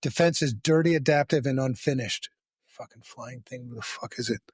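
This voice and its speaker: A man's voice: mid-range voice, moderate pace, a little mellow, slightly rough, no echo. A man co-hosting a casual podcast, joking around and swearing freely. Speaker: podcast co-host.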